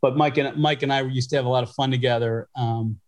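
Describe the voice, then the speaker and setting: A man's voice: mid-range voice, steady tone, fast. A middle-aged man from Western New York tells stories from his career as a podcast guest. He talks in a loose, rambling way, circling back and restarting his sentences, and his voice sits in an ordinary middle range. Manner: rambling, with many restarts and fillers. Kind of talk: conversational storytelling.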